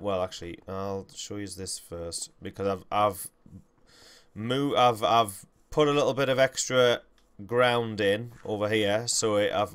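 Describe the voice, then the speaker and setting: Smooth low-voiced gamer. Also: male voice. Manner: rambling, self-correcting, jokey. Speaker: gaming livestream host. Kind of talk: casual game commentary.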